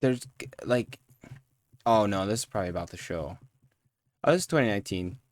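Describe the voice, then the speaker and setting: A man's voice: lowish voice, expressive, brisk. Man ranting on a live stream. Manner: profane, heated, rambling. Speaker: streamer reviewing a show.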